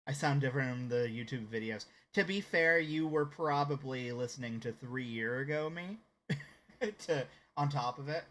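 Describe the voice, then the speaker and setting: A man's voice: mid-range voice, normal speed, fairly bright tone. An American man with a slight Southern accent who streams games and chats casually with his viewers. He rambles and hesitates as he talks. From United States. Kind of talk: casual live-stream chat.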